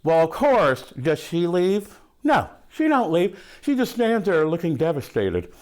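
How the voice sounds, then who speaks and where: Swearing rambly movie buff guy, a man doing a character, high voice all over the place. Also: very animated, a little slow. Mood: excited. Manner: profane, loose and rambling, drops "ain't". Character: brash foul-mouthed man gushing about horror films. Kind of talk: comic character monologue.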